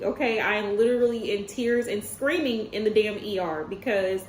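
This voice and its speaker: A woman's voice: medium pitch, moderate pace, slight background noise. Chatty woman in her thirties, roomy echo. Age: 30s. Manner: chatty, addresses viewers as y'all, laughs often. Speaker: tarot reader streamer. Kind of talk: casual livestream storytelling. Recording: roomy echo with faint ambience.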